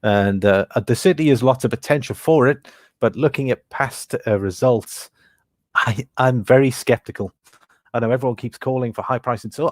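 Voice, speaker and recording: A man's voice: medium pitch, moderate pace, no echo, clean studio sound. A British man hosting a casual livestream about metals prices, thinking aloud with many fillers and reading out viewer comments. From Britain. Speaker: livestream host.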